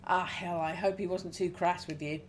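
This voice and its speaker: A woman's voice: fairly low pitch, fairly even intonation, moderate pace, a little hiss or hum, close to an everyday voice. A woman voicing a jovial middle-aged male biker who runs a record shop, hearty and chatty, in a game read aloud.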